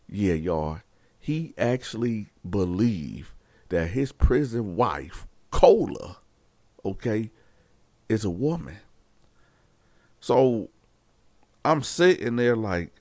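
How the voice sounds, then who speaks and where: A man's voice: fairly low pitch, slow, pauses often, no echo. A man hosting his channel, telling a prison story in casual talk, acting out the dialogue and speaking straight to his viewers. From Columbus, Ohio area. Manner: animated storytelling, acts out dialogue, addresses viewers as y'all.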